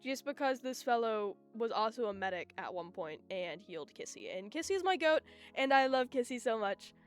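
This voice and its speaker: A high-pitched woman streams live and rants about her opinions, animated and quick to cut herself off. Faint music plays softly behind her. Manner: animated, ranting, self-interrupting. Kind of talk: casual live-stream chat.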